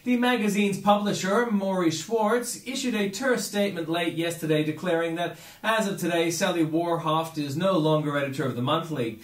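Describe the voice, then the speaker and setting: A man's voice: on the high side, normal speed, hardly any pauses, roomy sound. A man from Australia reading a run of news headlines, adding dry, sardonic asides between items.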